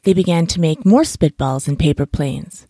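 A woman reading a children's bedtime story aloud for her podcast in a calm, even way. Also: low-pitched, normal speed, slightly rough, dry recording, clean studio sound.

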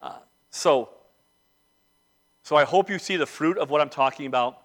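A pastor preaching a sermon, moving between quiet reflection and emphatic, rising declarations. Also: male voice, on the high side, moderate pace. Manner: emphatic preaching, swinging between soft and loud.

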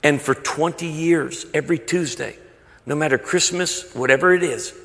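A man's voice: mid-range voice, a bit bright, big-room sound. A man preaching a sermon, telling stories with rising passion. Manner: storytelling, impassioned. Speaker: pastor.

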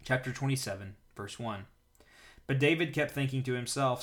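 A man hosting a daily Bible reading, reading passages aloud and paraphrasing them in a relaxed, conversational way. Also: medium pitch, normal speed. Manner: conversational, paraphrases in casual speech. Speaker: podcast host reading scripture.

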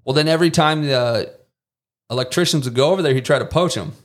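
A man's voice: on the high side, fast talker. A man who is a former Marine and contractor, telling stories casually as a guest and acting out quoted lines in a raised voice. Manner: animated storyteller who acts out quotes in a raised voice. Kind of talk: casual storytelling in a podcast interview.

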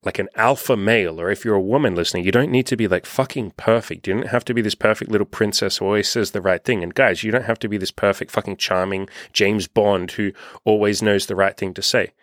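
A man's voice: on the low side, fairly even intonation, fast, fairly bright tone, no room sound, studio quality. A young man coaching on dating in a loose, unscripted monologue, cursing freely and acting out what people say. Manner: loose and unscripted, swears freely, acts out quoted voices. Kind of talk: casual podcast monologue.

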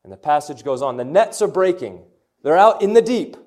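A young man preaches an energetic sermon to young people with a slightly high voice. He tells personal stories and calls on the room to answer him. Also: a little fast. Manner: energetic, storytelling, call-and-response. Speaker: youth pastor.

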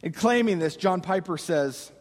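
High-voiced man preaching in a hall. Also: expressive. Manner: preaching with slow dramatic pauses and impassioned cries. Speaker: pastor. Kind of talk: sermon.

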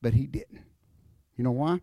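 An older man, a former wrestler speaking in a church, emphatic and folksy, dropping to a hushed voice in prayer. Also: mid-range voice, normal speed, no room sound, studio quality. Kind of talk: evangelistic church talk.

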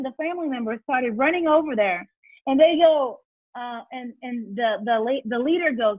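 High-voiced woman over a tinny line. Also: normal speed, dry recording. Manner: animated storyteller, acts out quotes. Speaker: guest, children's ministry leader. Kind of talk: storytelling in a faith interview.

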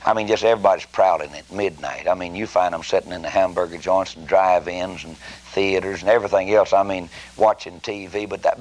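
Male preacher, low and gravelly, folksy and emphatic sermon delivery. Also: low-quality recording. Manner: folksy, rambling, emphatic with many "I mean" asides.

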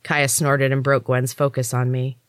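A woman storyteller and author giving a steady, expressive first-person audiobook reading into a close mic. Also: extremely low pitch, moderate pace, clean tone, no room sound. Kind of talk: scripted audiobook narration.

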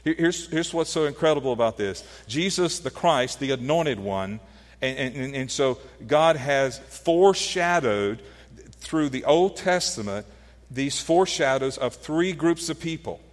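A pastor delivers an earnest teaching sermon, posing questions to his listeners and restarting phrases as he works through his points. His voice sits at an ordinary male pitch and carries a long reverb from a church hall. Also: lively intonation, measured pace.

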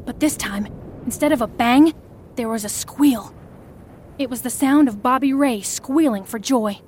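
High-voiced woman narrating an audio story. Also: a little slow, a little hiss or hum. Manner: expressive, acts out shouted lines. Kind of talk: scripted audio story narration, first person.

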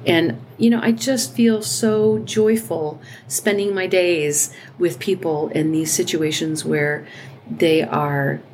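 Earnest low-voiced woman, halting chat. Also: fairly even intonation, darkish tone, slight background noise. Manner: earnest, halting, many restarts and fillers. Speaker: podcast co-host. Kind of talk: casual heartfelt chat.

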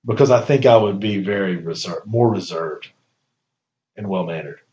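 A man's voice: low-pitched, moderate pace, warm tone, lo-fi sound. A man hosting a podcast in casual chat, rambling and enthusiastic, laughing easily. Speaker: podcast host.

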